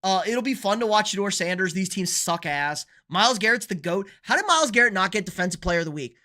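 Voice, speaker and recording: A man's voice: sits high, expressive, fast talker, pushed and bright. A young man hosting a live sports stream, chatting casually and rambling through football picks while answering viewer comments. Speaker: sports show host.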